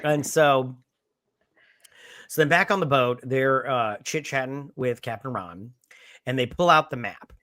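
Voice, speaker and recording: A man co-hosting a casual movie review podcast, animated, acting out characters' lines and swearing freely. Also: medium pitch, a little slow, long pauses, no echo, clean studio sound. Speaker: podcast co-host.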